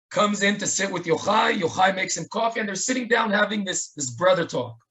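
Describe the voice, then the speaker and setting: A man's voice: high-pitched, sharp tone. A man with an Israeli accent, speaking at a remembrance webinar and telling stories earnestly with quoted dialogue. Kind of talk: storytelling tribute. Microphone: webinar microphone.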